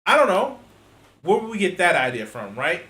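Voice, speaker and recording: A man in an echoey room rants in an exasperated, sarcastic way and swears freely. His voice is bright and sits a little high. He argues back in loose, rambling commentary. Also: wildly swooping pitch, moderate pace, slight background noise. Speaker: reaction video host. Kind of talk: ranting reaction commentary.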